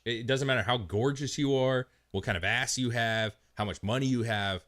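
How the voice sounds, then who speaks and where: A man's voice: mid-range voice, brisk, few pauses, fairly bright tone. A man co-hosting a podcast, talking casually and bluntly with lots of swearing and acted-out quotes. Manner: blunt, crude, acts out quotes. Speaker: podcast co-host. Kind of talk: casual profane chat.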